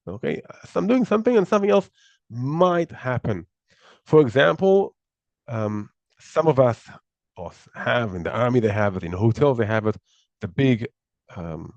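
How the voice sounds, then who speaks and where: A man's voice: medium pitch, a little mellow, no room sound, dull audio. A man teaching a live class, explaining step by step, often repeating words and restarting sentences. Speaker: Torah teacher.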